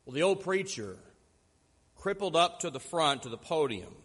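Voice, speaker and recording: A man preaching a sermon as pastor, telling stories and slowing down to stress key points. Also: on the high side, sing-song, a bit bright, long reverb tail. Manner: storytelling, slows down for emphasis.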